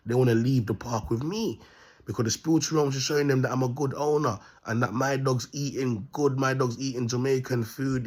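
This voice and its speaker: Husky-voiced man rambling. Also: mid-range voice. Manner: repetitive, keeps asking "you get me", laughs at his own points. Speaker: self-styled prophet vlogger. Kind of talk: rambling monologue to camera.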